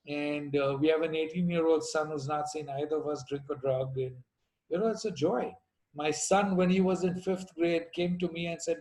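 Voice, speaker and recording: A man's voice: on the high side, a little mellow, poor audio. A middle-aged man from India telling his recovery story to a meeting, with dry jokes and asides along the way.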